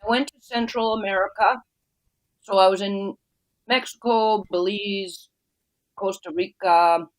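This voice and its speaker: A woman from Canada co-hosting a live chat stream. She talks in a friendly, easygoing way at a middle pitch and laughs readily between remarks. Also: steady tone, a little slow, pauses often, rough recording. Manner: friendly, easygoing talker who laughs often.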